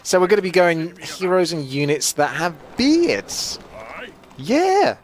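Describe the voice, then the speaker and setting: A young man hosting a gaming channel, chatting and joking as he thinks out loud through live gameplay commentary. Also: sits high, very animated, unhurried. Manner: chatty, jokey, thinks aloud while playing.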